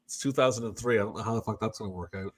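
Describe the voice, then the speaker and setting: A man from Canada co-hosting a podcast in casual chat, animated and swearing, acting out little exchanges with quoted voices. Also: lowish voice, very fast, breathy edge. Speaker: podcast co-host.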